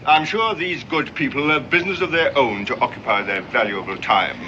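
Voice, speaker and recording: A man's voice: medium pitch, fairly quick, close to an everyday voice. A man playing a sarcastic haughty commodore. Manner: clipped, dry sarcasm. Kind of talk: 1960s television drama acting. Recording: dull old TV soundtrack with background noise.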